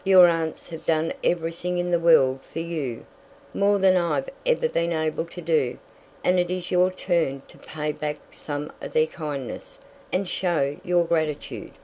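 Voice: medium pitch, unhurried, dark tone, a little hiss or hum, natural voice, rough recording. A reader doing a stoic, firm farm mother. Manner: firm, stoic, plain-spoken. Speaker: story character. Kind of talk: audiobook reading.

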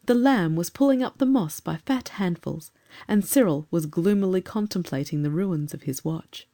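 A woman reading a storybook aloud as narrator, measured and expressive. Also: on the low side. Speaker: audiobook narrator.

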